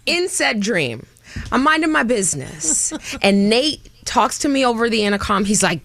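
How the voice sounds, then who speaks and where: A woman co-hosting morning radio who tells a story with drama and acts out other people's lines. Her fairly high voice rises and falls a lot. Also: animated, normal speed, a bit bright, no room sound. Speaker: radio show co-host.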